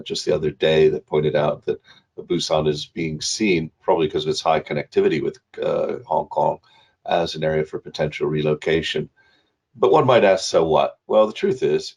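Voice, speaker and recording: Very deep, husky-voiced male presenter. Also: a little mellow. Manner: measured, with many filler hesitations. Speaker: webinar presenter. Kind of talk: presenting slides in an online webinar.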